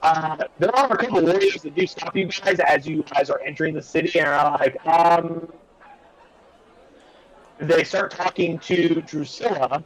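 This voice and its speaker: A man's voice: a little high, unhurried, some chatter behind, low-quality recording. A man narrating a tabletop game as game master, casual and rambling with many fillers.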